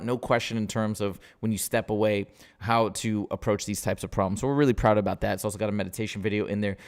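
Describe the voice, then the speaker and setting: A man tutors math in a live session. He is upbeat and casual, and he talks his way through each problem out loud. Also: fairly low pitch, smooth. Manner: upbeat, casual, thinks aloud while solving. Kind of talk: live-streamed test walkthrough.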